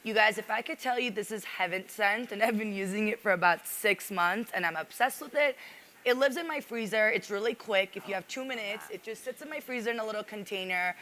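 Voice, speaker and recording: A woman's voice: mid-range voice, a little fast, bright, forceful tone. Earnest woman makeup artist explaining a routine. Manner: earnest, instructive, keeps saying "you guys". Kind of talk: casual panel talk. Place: live panel on a stage at a fashion event.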